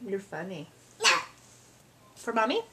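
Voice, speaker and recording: A woman's voice: mid-range voice, very animated, slow, very noisy. A mother talking in playful, coaxing baby talk with her toddler, often laughing. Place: family home.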